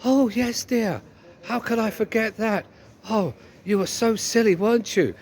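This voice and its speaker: A man's voice: sits high, measured pace, a little mellow, slight background noise, voice pushed up. A man playing a nagging wife who sweetly mocks her husband and keeps calling him dear. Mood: mocking. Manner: sweetly mocking, repeats "dear". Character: nagging middle-aged wife who never lets things go.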